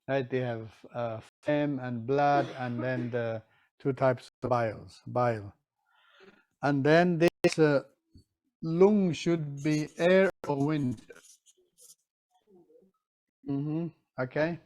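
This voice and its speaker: A man's voice: fairly high pitch, slow pace, pauses often, darkish tone. A man teaching a class on Tibetan medicine, often checking in with his students and acting out their excuses. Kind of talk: lecture to a class.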